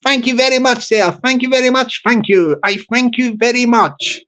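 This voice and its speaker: A man's voice: very high voice, moderate pace, fairly bright tone. Rambling, jokey man chatting on a stream. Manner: rambling and jokey, laughs often, many restarts. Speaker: channel host. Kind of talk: casual livestream chat.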